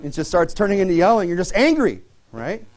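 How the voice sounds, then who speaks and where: A man's voice: high-pitched, very animated, a little fast, a little mellow. A man in his thirties preaching a sermon in a casual, conversational way, full of fillers and restarts. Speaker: pastor.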